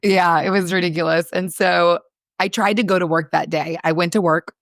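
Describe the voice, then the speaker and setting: Low-voiced candid woman telling a story. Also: steady tone, moderate pace, no echo, clean studio sound. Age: 30s. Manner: candid, swears freely, acts out dialogue. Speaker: podcast co-host. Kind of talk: casual storytelling chat.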